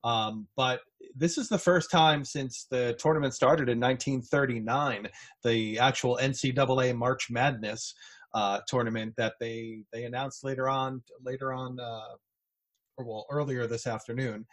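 A man's voice: medium pitch, steady tone, normal speed, fairly bright tone. A man hosting a casual podcast, talking in a chatty way with frequent restarts and fillers. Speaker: podcast host.

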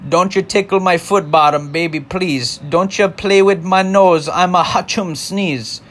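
A man putting on a mock Jamaican accent as a smooth-talking male lover, reciting song lyrics in a sing-song way. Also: sits high, fairly even intonation, unhurried, fairly bright tone, voice pushed up. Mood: playful.

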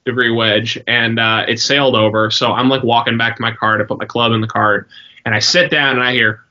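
A young man co-hosting a podcast, telling a story in a rambling, swearing, animated way. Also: medium pitch, a little fast. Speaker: podcast co-host. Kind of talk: casual chat. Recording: dull lo-fi sound.

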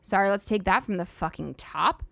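A woman's voice: mid-range voice, animated, brisk, creaky, no room sound. A young woman hosting a solo comedy podcast, ranting in a chatty, sarcastic, profane way full of "like" fillers. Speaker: podcast host.

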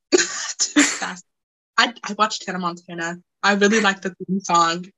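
A young adult woman co-hosting a podcast, chatting casually in an excitable, giggly way. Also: mid-range voice, low-quality recording. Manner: excitable, giggly, quick to laugh. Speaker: podcast co-host. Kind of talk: casual chat.

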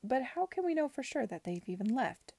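A woman's voice: high-pitched, big pitch swings, fairly quick, dark tone, no echo, pitched above the performer's own voice, full character voice. A woman reading aloud and voicing an earnest, anxious young woman in an urgent, pleading tone.

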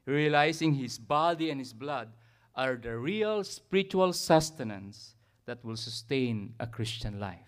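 A man with a Filipino accent preaching a sermon as pastor, animated and often tagging remarks with "isn't it?" and "amen?". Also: medium pitch.

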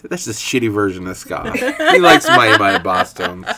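A woman's voice: extremely low pitch, huge pitch swings, moderate pace, crowd noise. A woman co-hosting a podcast in casual chat, sarcastic and full of dry jokes. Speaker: podcast co-host.

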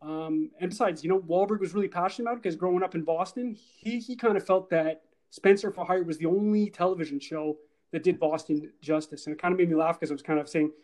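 A middle-aged man riffs on movies in a casual co-host chat, animated and full of asides. His voice is fairly high for a man, and he talks in rapid bursts. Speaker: podcast co-host.

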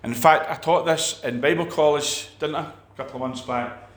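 A man's voice: fairly high pitch, moderate pace, fairly bright tone, roomy sound. A man preaching a sermon, emphatic, with repeated phrases and restarts.

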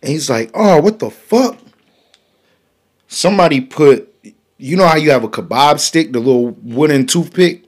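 A man hosting a podcast, telling a profane story in a casual, animated way, swinging from loud bursts to hushed asides. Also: medium pitch, moderate pace. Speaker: podcast host.

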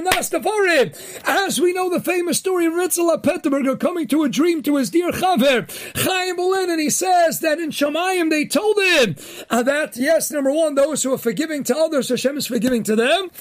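A man hosting a daily inspirational Torah talk, telling jokes and teaching, with animated delivery and Yeshivish Hebrew terms, rising to emphatic near-shouts. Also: very high-pitched, normal speed.

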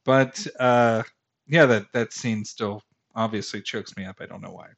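A man's voice: fairly low pitch, a little slow, vocal fry, fairly bright tone, dull audio. A man in his thirties hosting a fantasy podcast, talking casually in a rambling, self-deprecating way, full of fillers and restarts. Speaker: podcast host. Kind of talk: casual solo podcast commentary.

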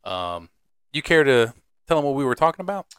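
A man's voice: medium pitch, big pitch swings, a little fast, clear, resonant tone. A man hosting a podcast in casual chat, joking and laughing often. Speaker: podcast host.

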